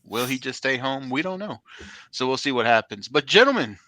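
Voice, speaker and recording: Lively, bright-voiced man hosting a podcast. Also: mid-range voice, fairly quick, dry recording. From Texas. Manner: animated, laughs often, opens the show. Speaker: podcast host. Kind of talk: casual podcast chat.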